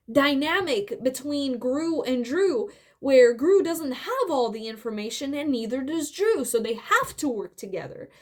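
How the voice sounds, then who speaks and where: A young woman giving a casual, animated film critique, rambling with fillers and restarts and briefly acting out scenes. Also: a little high. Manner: acts out scenes with quick voices. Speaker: video essayist. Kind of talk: casual opinion commentary.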